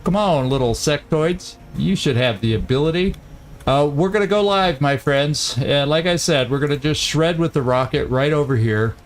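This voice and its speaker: A man hosting a let's-play, chatting casually and thinking aloud as he plays, quick to laugh. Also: fairly high pitch, slight background noise. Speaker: gaming channel host.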